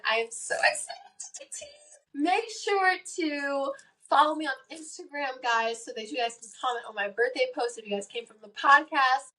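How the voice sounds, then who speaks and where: Teen girl host, higher voice, sincere faith advice, sits a little off the mic. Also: pushed and bright, far from the mic, poor audio. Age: late teens. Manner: earnest, emphatic, repeats key phrases. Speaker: podcast host. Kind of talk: faith-based advice podcast.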